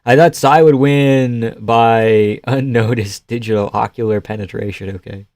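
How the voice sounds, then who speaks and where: A man's voice: medium pitch, fairly even intonation, measured pace, darkish tone, no echo, studio quality. A young man hosting a casual live stream, laughing often and swearing easily as he reacts to the chat.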